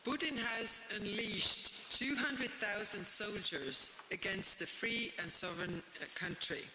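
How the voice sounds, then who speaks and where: A woman, a prime minister, delivering a formal press statement in a measured way with frequent "uh" fillers. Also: mid-range voice, sharp tone, a little hiss or hum. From Estonia. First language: Estonian. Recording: echoey hall with long reverb.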